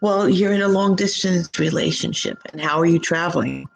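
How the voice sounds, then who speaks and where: A woman giving live psychic tarot readings from home, gushing and affectionate with drawn-out words, speaking into a computer mic. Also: on the low side, creaky, rough recording. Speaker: psychic reader.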